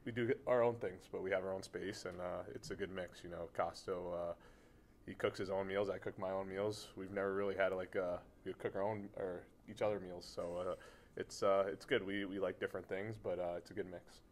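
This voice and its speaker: A young man, a hockey player, chatting casually in an interview, relaxed and rambling with many fillers. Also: low-pitched, a little fast, slight background noise. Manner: relaxed and rambling, full of "you know" and "uh".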